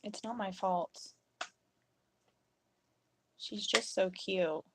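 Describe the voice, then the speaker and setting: A woman in her thirties chatting casually through a home craft vlog, telling playful stories with bursts of giggles and sudden high squeals. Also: drawn-out words, background noise. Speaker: craft vlogger.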